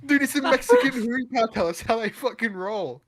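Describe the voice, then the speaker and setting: A man's voice: very high-pitched, animated, brisk, a bit bright. A young Australian man co-hosting a podcast, casual and laid-back, swearing often and laughing a lot. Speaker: podcast co-host. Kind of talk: casual chat.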